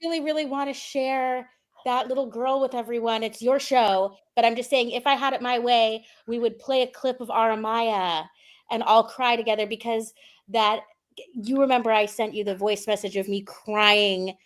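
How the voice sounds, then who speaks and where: A woman's voice: on the high side, fairly even intonation, normal speed. A woman co-hosting an online show in a casual, bubbly way, talking over a call. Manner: bubbly and chatty, acts out animal sounds. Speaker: co-host.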